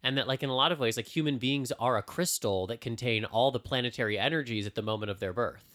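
A man's voice: medium pitch, quick pace, fairly bright tone. A man co-hosting a casual podcast, explaining things in a thoughtful, earnest way. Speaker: podcast co-host. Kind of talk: casual podcast chat about astrology.

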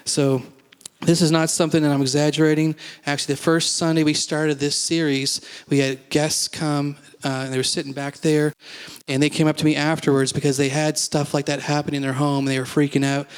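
A middle-aged pastor preaches in a relaxed, conversational way, full of asides and plain talk. His voice sits a little high for a man and stays fairly flat in pitch. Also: fairly quick, smooth. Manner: conversational, folksy teaching with asides. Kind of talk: sermon.

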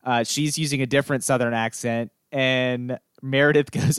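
Smooth-voiced man, chuckling as he chats. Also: mid-range voice, fairly even intonation, normal speed, hardly any pauses, fairly bright tone, no room sound, clean studio sound. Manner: chuckling, friendly explaining. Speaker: podcast co-host. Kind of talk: casual chat.

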